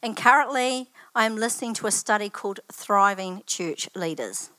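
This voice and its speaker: A woman's voice: medium pitch, lively intonation, moderate pace, bright, forceful tone, dry recording. Older woman sharing a chatty testimony. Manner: chatty, anecdotal storytelling with asides. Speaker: church student giving a testimony. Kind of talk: personal testimony talk.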